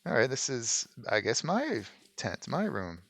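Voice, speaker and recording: A man's voice: mid-range voice, wildly swooping pitch, slow pace, vocal fry, a bit bright, no echo. A man hosting a let's play, giving casual gameplay commentary in a rambling way with frequent ums. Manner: rambling, many ums and restarts.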